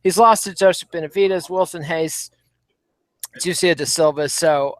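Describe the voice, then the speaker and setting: A man hosting a casual fight podcast, running through the card in a brisk, wry way. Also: a little high, dry recording. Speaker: podcast host. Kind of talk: casual chat.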